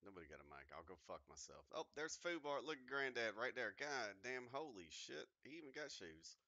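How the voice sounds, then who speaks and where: A man's voice: medium pitch, sing-song, a little fast, sharp tone, dry recording, muffled recording. A man in casual, profane banter with teammates while gaming on a headset mic. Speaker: gamer.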